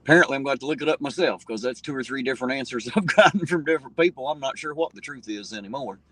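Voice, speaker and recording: A man hosts a casual livestream, reading viewer comments and answering them bluntly and profanely, often restarting his sentences. His mid-range voice is a bit bright, animated, and rapid-fire.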